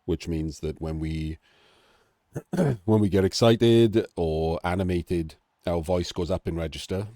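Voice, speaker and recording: A man's voice: deep voice, fairly even intonation, slow pace, dark tone, no echo, studio quality. A Welsh man with a nasal, throaty voice, sick and coughing, chatting casually through a game analysis. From Wales. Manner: chatty, self-deprecating asides.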